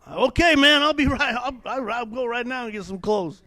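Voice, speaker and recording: A man's voice: very high-pitched, expressive, normal speed, pushed and bright, no echo, voice pushed up, full character voice. A man voicing a scared teenage boy who stammers and pleads. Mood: nervous. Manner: jittery, stammering.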